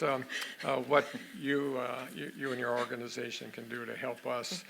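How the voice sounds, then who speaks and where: A man moderating a panel discussion, a little hoarse, halting with many fillers and repeated words. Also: mid-range voice, level tone, noisy background. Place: conference meeting room.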